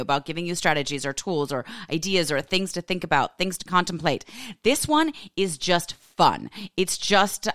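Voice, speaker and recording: A woman in her forties hosting a podcast in casual chat, candid and animated, swinging up into high excited exclamations. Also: dry recording, studio quality. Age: 40s. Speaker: podcast host. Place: home office.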